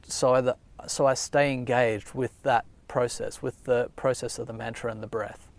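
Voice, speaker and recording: Calm guy talking through a meditation, easygoing, normal pitch. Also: moderate pace, vocal fry. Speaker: meditation teacher. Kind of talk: calm spoken meditation guidance. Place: outdoors.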